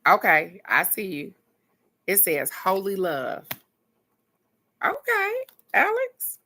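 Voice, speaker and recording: A woman's voice: lowish voice, takes it slowly, sharp tone. A woman hosting a casual live oracle card reading, chatting with viewers, laughing often and reading each card's text aloud.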